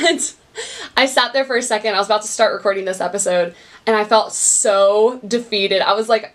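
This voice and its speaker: A woman's voice: mid-range voice, fairly quick. A young woman hosting her own podcast, upbeat and bubbly, laughing often and talking straight to her listeners. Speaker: podcast host. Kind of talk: casual solo podcast chat. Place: small recording studio.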